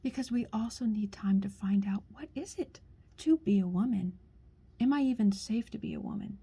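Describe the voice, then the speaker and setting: Middle-aged woman, husky and mellow, earnest pleading monologue, drifts into half-whispers. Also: mid-range voice, normal speed. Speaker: speaker sharing a personal message. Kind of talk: heartfelt spoken monologue.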